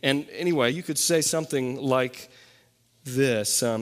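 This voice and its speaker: A man's voice: mid-range voice, a little slow. Young male pastor, conversational sermon, self-correcting, long church reverb. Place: church sanctuary.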